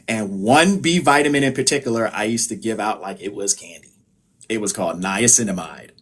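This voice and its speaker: Laid-back man explaining health tips. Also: lowish voice. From United States. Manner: relaxed, explanatory, many filler phrases. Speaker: holistic health practitioner. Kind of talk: casual live-stream talk.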